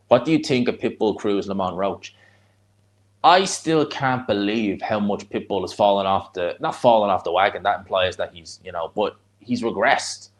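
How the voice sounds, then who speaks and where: A man with a North Dublin accent, hosting a live fight watch-along, chatting loosely and reacting excitedly to the action. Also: fairly low pitch. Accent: North Dublin (Fingal). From Ireland.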